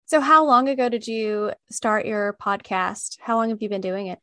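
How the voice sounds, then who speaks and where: A woman's voice: mid-range voice, moderate pace, fairly bright tone, no echo. Friendly woman host, dry close sound. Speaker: podcast host. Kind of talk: casual interview chat.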